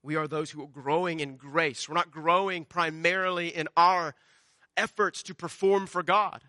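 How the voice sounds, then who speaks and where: A man's voice: sits high, pushed and bright, dry recording, studio quality. A man preaching a sermon, earnest and emphatic, often repeating words as he drives a point home. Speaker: pastor.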